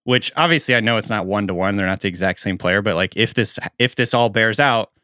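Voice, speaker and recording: Man, podcast co-host, low voice, bright forceful tone, joking and analytical, very dry sound. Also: no room sound. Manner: jokey, analytical, quick asides. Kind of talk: casual podcast chat.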